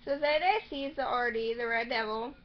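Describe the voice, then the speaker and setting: High-voiced young woman rambling a recap. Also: normal speed. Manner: rambling, quoting characters in bursts. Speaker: recap vlogger. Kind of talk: casual TV episode recap. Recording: slightly muffled home recording with faint noise.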